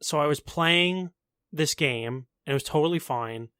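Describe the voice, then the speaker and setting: Young guy rambling on a podcast, bit high voice, dry close sound. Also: a little slow, sharp tone, clean tone, no room sound. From Long Island, New York. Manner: laid-back, rambling, lots of "like". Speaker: podcast co-host. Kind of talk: casual chat.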